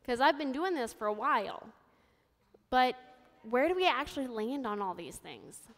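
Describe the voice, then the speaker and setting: A woman's voice: a little high, big pitch swings, moderate pace, a bit bright, in a large hall, soft background music. A woman in her thirties giving a sermon, telling her own story in a candid, conversational way. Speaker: preacher. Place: church sanctuary.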